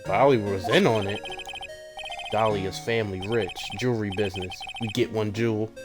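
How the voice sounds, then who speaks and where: A man's voice: lowish voice, moderate pace, lightly acted. A man voicing a brooding young male convict who talks in clipped, broken English, over game music.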